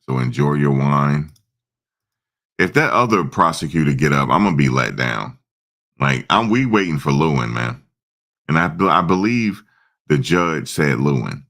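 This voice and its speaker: Male streamer, very deep and gravelly, casual, rambling chat. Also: expressive, measured pace, a bit bright. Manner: rambling, chats with viewers' comments. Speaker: livestream host.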